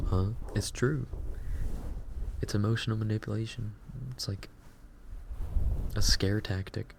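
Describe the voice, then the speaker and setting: Man, livestream host, casual self-reflective chat, lowish voice, unhurried. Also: background noise. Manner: musing, self-reflective, reads chat aloud.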